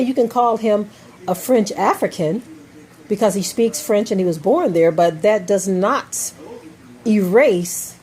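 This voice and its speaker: A woman's voice: mid-range voice, a little mellow. An American woman giving an emphatic opinion monologue, often checking in with "okay?" and "right?". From United States. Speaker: commentator.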